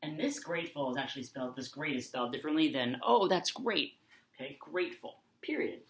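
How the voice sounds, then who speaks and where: A woman teaching young children in an online lesson, speaking slowly and saying each word aloud as she writes it. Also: extremely low pitch, reverberant, poor audio. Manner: slow, dictating aloud while writing.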